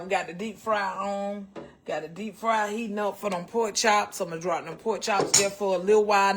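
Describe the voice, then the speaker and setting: A woman's voice: mid-range voice, slight background noise. A Southern American woman hosting a casual cooking livestream, chatting folksily with her viewers and calling them baby and child.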